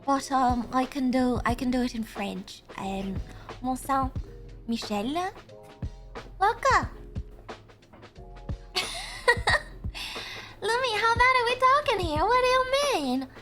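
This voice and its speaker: A very high, bright-sounding Irish woman chats on a live stream, giggling often and trading quick, cheeky banter with her viewers. She swears freely and keeps a loose, playful tour-guide act going. Soft music hums faintly underneath. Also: animated. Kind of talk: casual live-stream chat.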